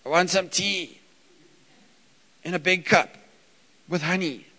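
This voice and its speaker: A whiny little boy of about three, as his father puts him on, demanding the same thing over and over. The voice jumps far above a man's normal range, with a thin, strained edge and loud, pushy insistence. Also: high-pitched, fairly even intonation, slow, pitched above the performer's own voice, heavily acted. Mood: pleading demand. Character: insistent three-year-old boy asking for tea.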